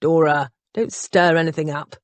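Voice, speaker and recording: A woman's voice: on the low side, expressive, moderate pace, no echo. A woman voicing a proper, stiff young earl who speaks firmly. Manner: firm, demanding.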